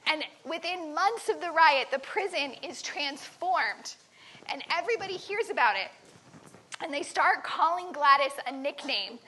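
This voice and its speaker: Camp teacher, woman, lively storyteller for kids; very high and bright. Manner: animated, dramatic, quizzes the listeners. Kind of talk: storytelling to children.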